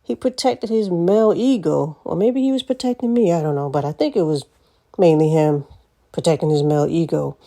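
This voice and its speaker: Woman ranting on her vlog, swears a lot, laughs a lot, kinda low warm voice. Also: a little fast. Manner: blunt, profane, laughs often. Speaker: vlogger. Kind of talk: casual storytelling monologue.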